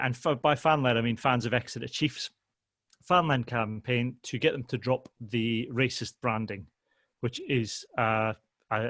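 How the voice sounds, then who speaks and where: A man's voice: mid-range voice, fairly bright tone, no echo. Man hosting a chatty podcast. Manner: long hesitant explanations with many ums. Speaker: podcast host. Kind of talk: casual podcast chat.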